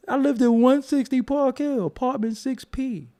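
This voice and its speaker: A man's voice: very high voice, a little slow, warm tone. A middle-aged man from Brooklyn, ranting on a livestream. He is confrontational, profane and mocking, and he laughs between jabs. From Brooklyn, New York. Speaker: livestreamer answering chat. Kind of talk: heated livestream rant.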